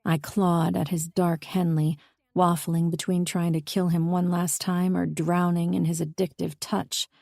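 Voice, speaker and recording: A woman reading a first-person audiobook novel in a steady, intimate way. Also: lowish voice, measured pace, creaky, dry recording, studio quality. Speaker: audiobook narrator. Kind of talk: scripted first-person narration.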